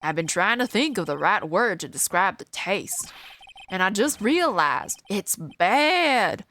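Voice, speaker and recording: A woman voicing a gruff, hapless middle-aged male detective who talks in a mopey, mumbling way. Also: medium pitch, very animated, slow, bright, forceful tone, full character voice. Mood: deadpan.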